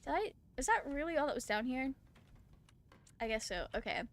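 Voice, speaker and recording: A woman's voice: high-pitched, sing-song, fairly quick. A woman with a Southern US accent, chatting casually and giggling while streaming a game. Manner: giggly, chatty, lots of fillers. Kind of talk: casual chat while gaming.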